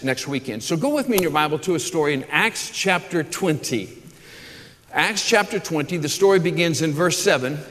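A man preaching to his congregation in an earnest, building way, stacking phrases one after another. His voice sits a little high for a man. The sound rings with long reverb from a large church hall. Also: a bit bright. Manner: earnest, repeats words and restarts, builds lists. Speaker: pastor. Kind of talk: sermon.

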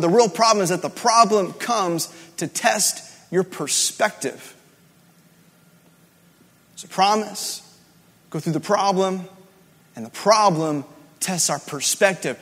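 A man preaches in a light, high voice, conversational and emphatic, hammering home repeated words. A long hall reverb trails behind every phrase. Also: a bit bright. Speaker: pastor. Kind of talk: sermon.

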